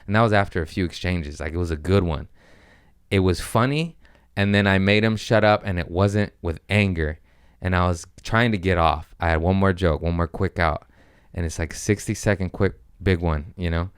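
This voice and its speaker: Deep-voiced man telling crude stand-up stories. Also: brisk, smooth, no room sound, studio quality. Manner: animated storytelling with crude language. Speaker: comedian podcast host. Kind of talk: casual monologue.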